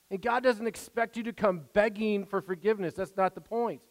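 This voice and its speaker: A man's voice: high-pitched, steady tone, fairly quick. A man preaching a sermon in an earnest, conversational way, stopping and restarting, acting out quoted prayers. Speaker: pastor. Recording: long hall reverb.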